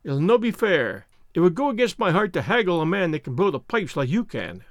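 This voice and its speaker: A man voicing a proud, quick-tempered Highland gentleman piper, in a formal, stiff manner while reading a novel aloud. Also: big pitch swings, no room sound, studio quality. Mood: humbled.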